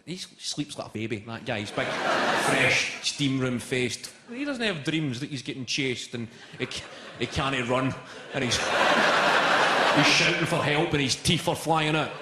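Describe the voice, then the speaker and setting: A young Scottish man doing a stand-up comedy set, swearing and shouting punchlines, often laughing as he talks. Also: mid-range voice, lively intonation, moderate pace, very noisy. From Scotland. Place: large comedy venue with live audience. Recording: echoey venue with loud crowd.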